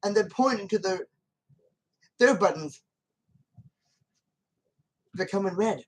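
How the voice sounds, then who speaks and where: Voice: mid-range voice, animated, slow, a little hiss or hum, rough recording. A channel host talking through a film scene in loose, casual commentary. The delivery rambles and circles back, with frequent false starts, and it turns emphatic when arguing with the character. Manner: rambling and repetitive, with many restarts.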